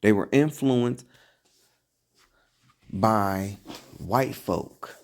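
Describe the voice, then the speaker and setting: A man's voice: on the low side, extremely slow, vocal fry, darkish tone. A man giving preachy, casual commentary as an online religious commentator, emphatic and full of rhetorical questions.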